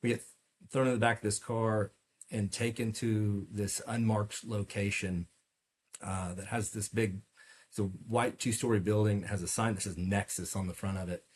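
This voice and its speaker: A man with a fairly low voice tells his story as an interview guest, earnest and detailed. He pauses on fillers and restarts his sentences as he recalls each moment. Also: steady tone. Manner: earnest, recounting events in detail with frequent fillers. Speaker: podcast guest, medical device sales rep.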